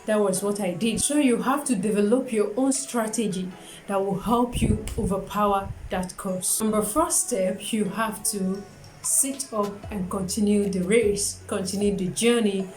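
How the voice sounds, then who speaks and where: A woman's voice: medium pitch, measured pace, darkish tone, a little hiss or hum. A young adult woman vlogger telling a personal story and then giving step-by-step advice, earnest and repeating her key points for emphasis. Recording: echoey room with faint music.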